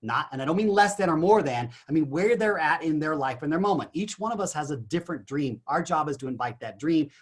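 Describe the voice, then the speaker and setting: A man giving an energetic motivational talk as a guest on a business call, animated and emphatic. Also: fairly high pitch, fairly quick, few pauses, slightly rough. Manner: animated, emphatic, punchy exclamations.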